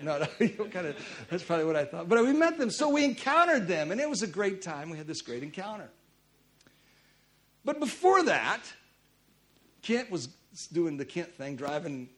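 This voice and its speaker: A man preaching a sermon in a church, his voice pitched high and swinging widely up and down. He tells stories with animated energy, jumping to loud emphasis on key lines. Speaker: pastor.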